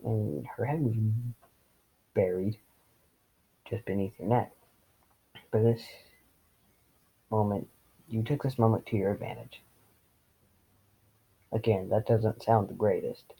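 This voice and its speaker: Gravelly man reading with sarcastic asides. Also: fairly low pitch, steady tone, measured pace, pauses often, mellow, low-quality recording. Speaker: reader. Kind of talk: reading fan fiction with commentary.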